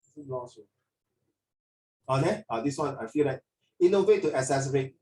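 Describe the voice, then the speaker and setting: A man's voice: medium pitch, lively intonation, normal speed, mellow, roomy sound, far from the mic. A male teacher with a Singaporean accent, chatting through an online class in Singlish and bits of Mandarin.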